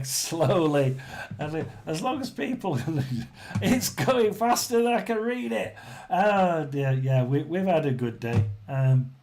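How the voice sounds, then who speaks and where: A man from England hosting a casual live chat, rambling with restarts and clearing his throat often. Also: on the high side, darkish tone. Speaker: livestream host.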